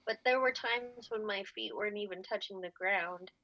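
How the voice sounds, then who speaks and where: A woman in her forties telling a story in casual podcast chat, animated and often laughing. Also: mid-range voice, moderate pace, no room sound. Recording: slightly dull, dry podcast audio.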